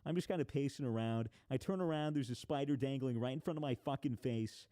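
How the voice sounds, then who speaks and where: A man hosting a casual chat with friends, swearing freely and telling animated stories. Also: medium pitch, fairly quick. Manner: profane, animated storyteller. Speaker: podcast host.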